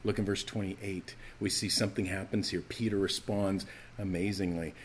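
A man preaching a sermon to his church, animated and emphatic, acting out the scripture's voices as he teaches. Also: sits low, normal speed, slight background noise. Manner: animated, acts out quoted lines, rising to emphatic calls. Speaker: pastor.

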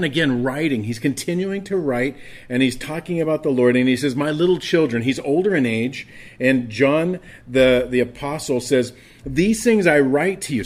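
Male pastor, sermon delivery, earnest, halting restarts, drops low on key words. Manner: earnest, with frequent restarts and stammered repeats.

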